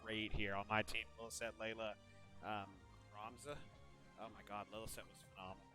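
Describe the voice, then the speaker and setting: A man co-hosting a casual gaming stream, rambling and poking fun at himself, his voice swinging between loud bursts and low mumbles. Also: little pitch movement, normal speed, faint music behind. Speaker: stream co-host. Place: home streaming setup.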